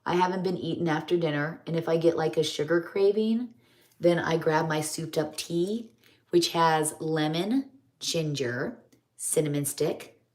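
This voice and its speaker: A woman's voice: sits low, unhurried, darkish tone. A middle-aged woman chats in a rambling, homey way while doing her makeup on a live stream. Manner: rambling, homey, chatty storytelling.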